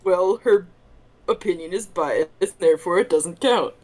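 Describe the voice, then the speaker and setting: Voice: mid-range voice, a little slow, a little mellow. A player at a tabletop game, arguing bluntly and swearing. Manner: blunt, argumentative.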